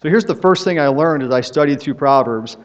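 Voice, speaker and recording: A man's voice: fairly high pitch, a little fast. A middle-aged man, a pastor, preaching a sermon in a conversational storytelling way, often asking his listeners "right?". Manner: conversational storytelling, frequent tag questions. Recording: dull lo-fi sermon recording.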